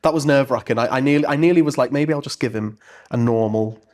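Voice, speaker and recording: A man's voice: medium pitch, quick pace, darkish tone. A man from Merseyside, an actor answering in a casual interview, earnest and reflective with frequent restarts. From Merseyside, England. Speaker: stage actor, interview guest.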